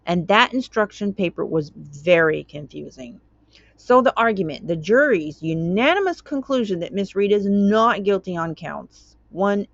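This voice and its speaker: A woman's voice: mid-range voice, gravelly, no echo, lo-fi sound. A woman hosting her own channel, reading a court document aloud and commenting on it in a chatty way, tripping over words and wandering into tangents.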